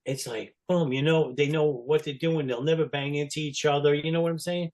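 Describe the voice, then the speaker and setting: A man in his sixties, a longtime fan appearing as a podcast guest, tells casual anecdotes, rambling with plenty of "you know" fillers and laughing as he goes. His voice is a little high and darkish, fairly even in intonation and a little fast.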